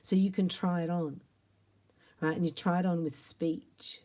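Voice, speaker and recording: A woman giving a tarot reading in a chatty, animated monologue, acting out imagined quotes and sometimes dropping to a soft whisper. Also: on the low side, unhurried. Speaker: tarot reader.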